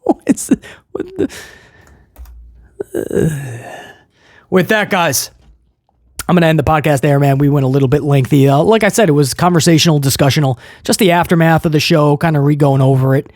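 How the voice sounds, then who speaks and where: A man hosting a casual wrestling podcast, ranting in an animated, incredulous way. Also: fairly high pitch, fast, no room sound. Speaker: podcast host.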